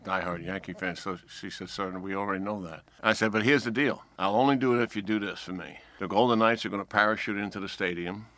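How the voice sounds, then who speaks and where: An older man with a slight New York accent spins a vivid story, acting out the people in it. His voice sits low but sounds bright and forceful. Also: quick pace, hardly any pauses. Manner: lively storyteller who acts out quoted voices. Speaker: guest, four-star general. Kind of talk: anecdotal storytelling.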